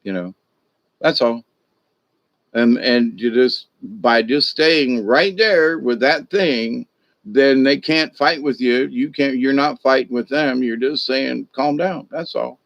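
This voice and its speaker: A man's voice: medium pitch, slow, vocal fry, a bit bright, dry recording, muffled recording. A middle-aged man, hosting a casual spiritual talk in a rambling, folksy way that repeats itself. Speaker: spiritual discussion host.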